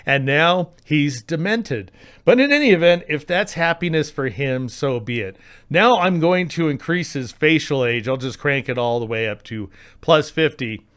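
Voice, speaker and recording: A man hosting a screen-recorded software tutorial, chatty and wry, with playful asides while he clicks through settings on a close mic. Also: fairly high pitch.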